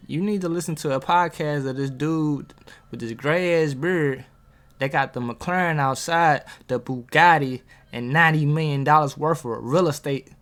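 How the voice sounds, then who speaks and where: Hyped man giving a motivational talk. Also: fairly bright tone. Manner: hyped, street-slang delivery with big pitch jumps; talks straight to viewers, asking questions. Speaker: motivational vlogger.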